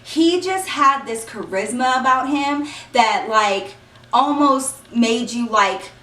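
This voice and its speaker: Woman vlogger, storytime: high-ish, bright voice, chatty; echoey room, mic set back. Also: expressive, slow, distant mic. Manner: chatty, acts out quotes, says y'all. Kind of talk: casual storytime.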